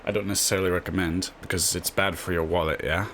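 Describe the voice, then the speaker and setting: Low-voiced man rambling through chess tips. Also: fairly even intonation, fast, fairly bright tone, a little hiss or hum. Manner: rambling, tags lines with a questioning "yeah?". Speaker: chess video host. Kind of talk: casual screen-share explainer.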